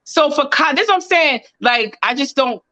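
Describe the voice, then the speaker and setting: A woman's voice: high voice, animated, a little fast, bright, forceful tone, no echo. A woman co-hosting a casual reality TV recap chat, emphatic and opinionated as she makes her point. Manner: emphatic, opinionated, repeats "this is what I'm saying". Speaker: co-host.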